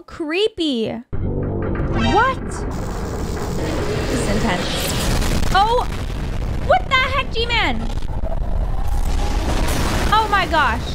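High, bubbly woman reacting to cartoons. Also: very noisy. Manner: excitable, gasping and giggling, talks to viewers. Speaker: reaction video host. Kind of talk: excited reaction commentary. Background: loud background music.

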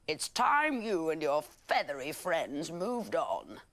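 A woman reading a storybook aloud, putting on a slow, smug voice for a nasty crocodile. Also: low voice, wildly swooping pitch, fairly bright tone, no room sound, heavily acted.

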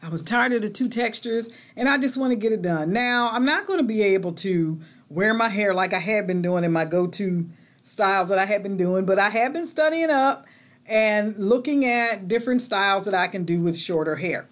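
A middle-aged woman talks straight to her camera in a casual home vlog. She is chatty and animated, and her voice moves between bright excitement and soft, hushed moments. Her pitch sits in a middle range. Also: normal speed. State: out of breath. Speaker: vlogger.

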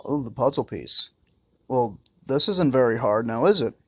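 A man's voice: medium pitch, lively intonation, moderate pace, noisy background. A man doing crude, joking commentary while playing a horror game, muttering and swearing to himself. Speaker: let's-play gamer.

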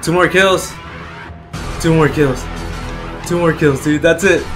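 A young man giving excited gameplay commentary as a video host, chattering nervously and shouting when he wins. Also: on the high side, slow pace, over music.

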